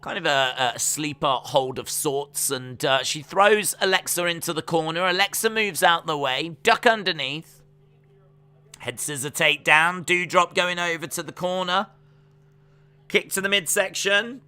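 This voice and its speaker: A man hosts a casual live reaction stream, his voice sitting a touch high and sounding smooth and resonant. He rambles from thought to thought, trailing off with fillers as he calls the action. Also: a little slow, bright, forceful tone.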